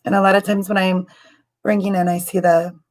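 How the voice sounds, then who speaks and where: A woman hosting a live stream as a spiritual healer, guiding a meditation in a soft, halting, emotional way with many ums, and she is tearful. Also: mid-range voice, flat delivery, poor audio. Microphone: computer mic on a live stream.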